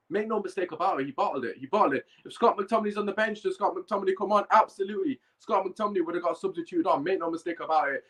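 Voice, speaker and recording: A man hosts a live fan podcast, ranting and chatting in a heated, emphatic way, repeating his points and struggling with a bad cough. His voice is fairly high and a bit bright, and the recording quality is low.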